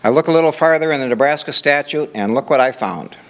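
A man's voice: mid-range voice, expressive, quick pace. An older man from Minnesota giving a conversational conference presentation, walking through examples with rhetorical questions. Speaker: conference speaker.

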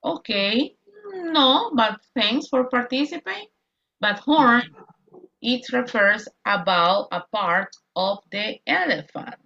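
Bilingual woman teacher drilling pronunciation on a video call; bright, slightly high voice, dull lo-fi sound. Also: animated, vocal fry. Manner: drills words slowly, switches between English and Spanish. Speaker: English teacher. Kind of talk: online class instruction.

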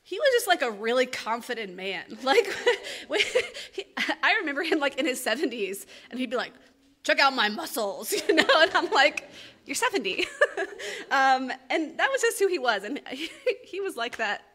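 Bright, light-hearted woman sharing memories. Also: high-pitched, sing-song, normal speed. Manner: light-hearted, laughing often while reminiscing. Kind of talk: memorial tribute speech.

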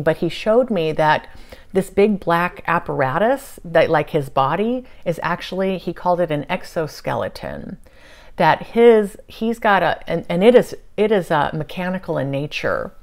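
Woman with a low voice, soft-spoken and rambling, telling of a spiritual experience at home. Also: lively intonation, moderate pace. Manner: meandering, soft-spoken, many fillers and restarts. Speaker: channeler recounting a session. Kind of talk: casual spiritual storytelling. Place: at home on a couch.

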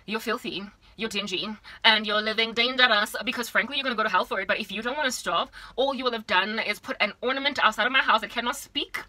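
A young woman from South Africa rattles through a casual vlog monologue at a quick clip, animated and slangy. Her voice is very bright and forceful, and the sound is dry and close. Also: on the high side, no echo, poor audio. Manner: animated and chatty, slangy asides. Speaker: vlogger. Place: small home room.

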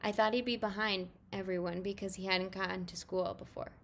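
A woman reads a first-person audiobook in a casual, chatty, youthful tone. Her voice sits at a medium pitch, and she speaks as if telling the story herself. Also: steady tone, fairly quick, slight background noise. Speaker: audiobook reader.

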